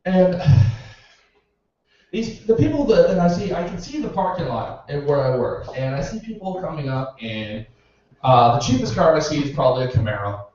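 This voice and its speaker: A man's voice: a little high, very animated, moderate pace, darkish tone. A young man doing a stand-up routine, ranting in exasperation and swearing. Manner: exasperated rants with profanity. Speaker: stand-up comedian. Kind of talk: stand-up routine at a comedy club. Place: small comedy club. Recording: roomy, distant, muffled club recording.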